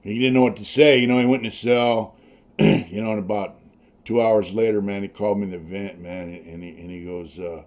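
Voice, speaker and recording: An older man who was once in prison tells his stories casually, rambling and swearing, peppering everything with "you know." His voice is lowish and a little mellow, with fairly even intonation and a moderate pace, and the recording sounds lo-fi.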